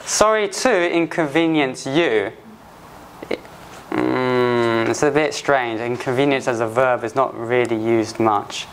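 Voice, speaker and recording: A man teaching English phrases to learners, patiently repeating examples slowly and restarting often. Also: mid-range voice. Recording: faint background noise.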